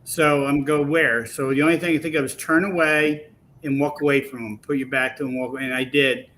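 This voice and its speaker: A man guest telling a long personal story in a lively, animated way, acting out the voices he quotes. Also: medium pitch, brisk, slight background noise, poor audio. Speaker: podcast guest. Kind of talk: casual storytelling.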